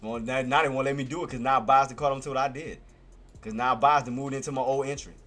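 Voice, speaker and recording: A man giving live trading commentary on his stream. He talks excitably, repeats himself often, and swears. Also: medium pitch, fast talker, faint music behind. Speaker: day-trading livestreamer.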